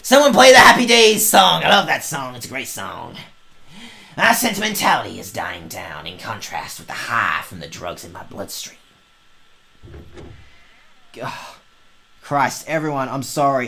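A let's play host reading game text aloud and mocking it sarcastically, swearing and yelling back at the characters. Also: mid-range voice, gravelly.

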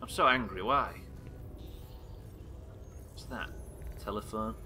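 A man from the UK streaming a game live, swearing often and reacting loudly between muttered asides. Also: lowish voice, takes it slowly, noisy background. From United Kingdom. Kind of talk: live gameplay commentary.

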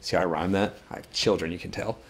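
Guitar shop guy with a lowish voice, rambling jokey story, lots of asides. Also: fairly even intonation, fast, slight background noise. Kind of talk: casual storytelling chat.

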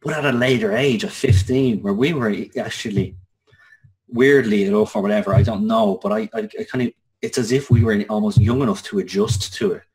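A man's voice: fairly low pitch, fairly even intonation, darkish tone. An Irish man in his thirties, a guest telling a personal story with many restarts. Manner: halting, many restarts and fillers. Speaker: interview guest.

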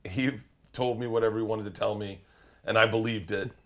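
A man who is a stand-up comedian, telling a wild story in an interview, swearing freely and rising into loud, excited shouts. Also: on the low side, brisk. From United States. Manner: profane, excitable, jumps into loud shouted bits when telling stories. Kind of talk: animated storytelling.

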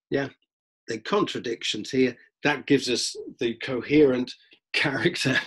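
A middle-aged man, a drama teacher, lecturing students in a lively way and acting out examples as he goes. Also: mid-range voice, husky. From London, England. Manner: lively, acts out examples, frequent restarts. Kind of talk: lecture-style talk to students.

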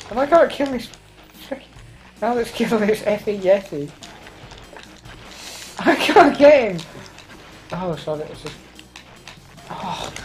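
A woman's voice: mid-range voice, darkish tone, poor audio. A woman casually chatting and exclaiming while playing a co-op game, laughing often and swearing mildly. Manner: exclaiming, laughing, mild cursing. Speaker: let's play host. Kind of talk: casual co-op gameplay chat.

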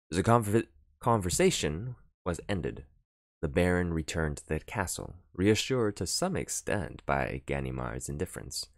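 A man with a low voice narrating a classic novel for an audiobook, reading expressively with wide swings of pitch. The sound is close and dry, with no room around it. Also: no echo.

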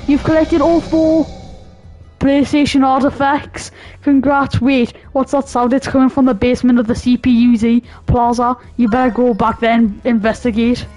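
A woman giving rambling, joking commentary while playing a video game, yelling at the game now and then. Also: on the high side, little pitch movement, normal speed. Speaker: gamer. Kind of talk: casual gaming commentary. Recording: game music playing behind. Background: game music.

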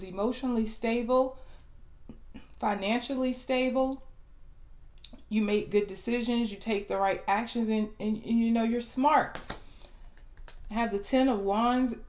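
A woman's voice: a little high, darkish tone. A woman giving a tarot reading, upbeat and repeatedly calling viewers "guys". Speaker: tarot reader. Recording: roomy echo.

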